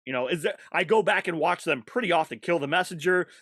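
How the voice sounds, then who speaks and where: A man who is a stand-up comedian, chatting casually on a podcast, animated and laughing often with quick asides. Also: fairly high pitch, husky, no room sound, clean studio sound.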